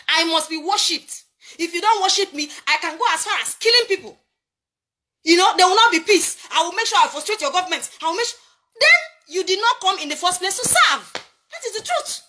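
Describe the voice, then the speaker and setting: A woman's voice: very high voice, lively intonation, fairly quick, bright, forceful tone. A Nigerian woman giving an impassioned commentary monologue, emphatic and preachy, full of rhetorical questions. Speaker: political commentator.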